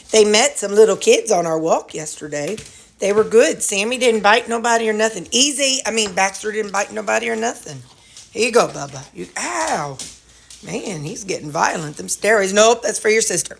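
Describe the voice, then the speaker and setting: A middle-aged woman talking straight to her viewers in a loose, rambling vlog. Her speech is folksy and chatty, with jokes tossed in along the way. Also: mid-range voice. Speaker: vlogger. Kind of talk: casual chat to viewers.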